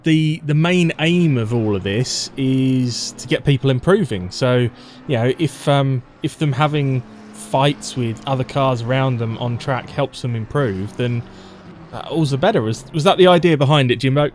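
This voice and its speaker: A man of middling pitch hosts a sim-racing stream, reading chat greetings and throwing questions to his co-hosts. He sounds upbeat, with plenty of ums and uhs. Faint noise hums behind. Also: normal speed, darkish tone. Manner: upbeat, reads out viewer chat, hesitant fillers. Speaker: live stream race commentator. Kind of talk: casual live-stream commentary chat.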